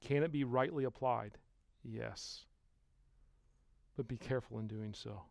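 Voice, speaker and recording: A man preaching a sermon as pastor, putting rhetorical questions to the congregation and swinging from hushed to loud. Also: medium pitch, unhurried, creaky, no room sound.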